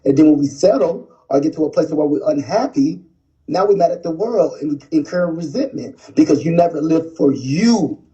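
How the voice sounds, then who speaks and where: A man, explaining his views calmly and earnestly in a clip. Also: fairly high pitch, moderate pace. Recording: dull lo-fi clip audio.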